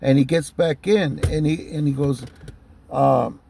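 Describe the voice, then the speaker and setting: A man telling a story in a loose, casual way, swearing often and filling pauses with "you know.". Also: a little high, creaky, warm tone. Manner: loose and profane, many fillers like "you know". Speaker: storyteller recounting a police stop.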